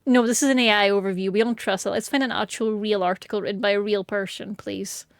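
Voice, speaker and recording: A woman's voice: mid-range voice, fairly even intonation, fast talker, vocal fry, no echo, studio quality. A woman chatting casually and rambling playfully on a game stream, giggling often. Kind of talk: casual gaming stream chat.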